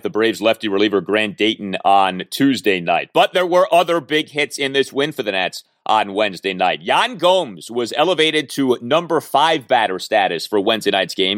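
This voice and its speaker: Animated man talking baseball. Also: fairly low pitch, no echo, studio quality. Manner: animated, emphatic. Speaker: baseball podcast co-host. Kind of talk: casual sports talk.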